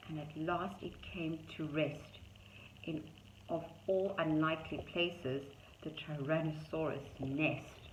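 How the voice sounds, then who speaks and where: A woman's voice: deep voice, a little hiss or hum. A woman reading a rhyming picture book aloud to young children, in a sing-song rhythm with chatty asides about the pictures. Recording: dull echoey room.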